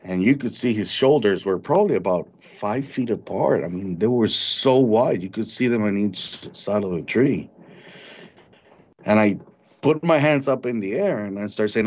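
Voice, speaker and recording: A man recounting a frightening encounter in an interview, halting and repeating words as he tells it. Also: fairly low pitch, a little mellow. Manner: halting, repeats words when shaken, mimics animal sounds. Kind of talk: storytelling in an interview. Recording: dull lo-fi recording.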